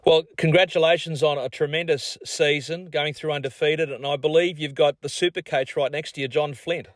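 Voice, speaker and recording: A man's voice: a little high, steady tone, moderate pace, dry recording. A man with an Australian accent hosting a radio sports show, asking upbeat leading questions. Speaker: radio host. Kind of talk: radio interview.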